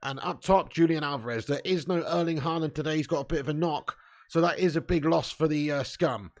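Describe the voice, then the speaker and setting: A man from England hosting a live football watch-along, chatting with viewers, joking, swearing and laughing, with sudden loud outbursts. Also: fairly high pitch, fairly quick. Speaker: football fan channel host.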